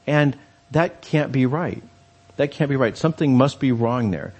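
A man's voice: medium pitch, animated, normal speed, darkish tone, husky. A man preaching a sermon in a conversational storytelling way, with fillers and restarts.

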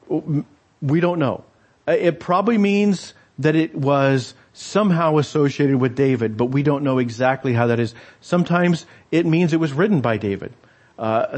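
A man's voice: mid-range voice, a little mellow. A man preaching a conversational sermon, reading scripture aloud and explaining it with wry asides and frequent hesitations. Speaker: pastor.

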